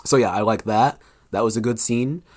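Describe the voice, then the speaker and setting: A man's voice: on the low side, normal speed, no echo, studio quality. A young man, an author guest on a podcast, chatting casually and acting out scenes from his own book. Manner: animated storyteller, acts out scenes with quoted voices.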